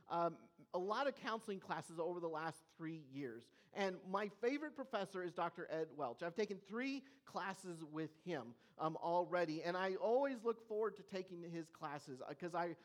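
An earnest preacher delivering a sermon, leaning hard on key words. The pace slows and stretches for emphasis, and the voice sits at a middle pitch. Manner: earnest, emphatic, with slow weighty pauses.

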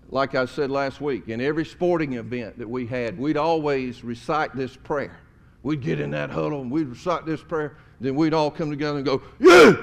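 Folksy pastor preaching softly. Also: male voice, medium pitch. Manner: conversational preaching, folksy, drops to soft tender tones. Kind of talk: sermon. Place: church sanctuary.

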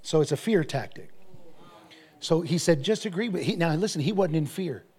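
A man's voice: on the high side, moderate pace, a little mellow, slightly rough. A male pastor preaching a sermon, telling stories with energy and often repeating his phrases.

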